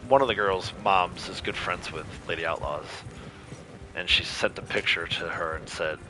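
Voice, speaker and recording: A man's voice: sits low, moderate pace, pushed and bright, a little hiss or hum. A man chatting casually while streaming a game, rambling loosely between stories and laughing often. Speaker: streamer and youth softball coach. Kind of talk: casual livestream gameplay commentary.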